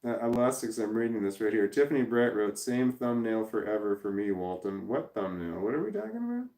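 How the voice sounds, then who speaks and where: Speaking fairly quickly in a lowish, slightly mellow voice with a steady tone, a man in his forties runs a casual livestream. He reads comments from viewers, wandering off topic, cursing and interrupting himself. The front camera captures plenty of room echo.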